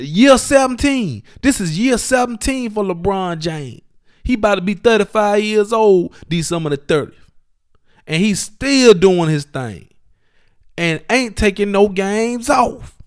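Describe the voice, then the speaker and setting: A man's voice: a little high, clean tone, dry recording, studio quality. A man hosting his own sports podcast, talking casually and with energy, using slang and speaking straight to his listeners. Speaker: podcast host.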